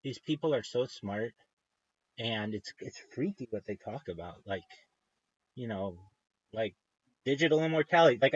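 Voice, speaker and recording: A man's voice: medium pitch, animated, moderate pace, long pauses, slightly rough, dry recording, highs cut off. A man hosting a livestream in casual rambling chat, meandering and interrupting himself with eager enthusiasm. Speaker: livestream host.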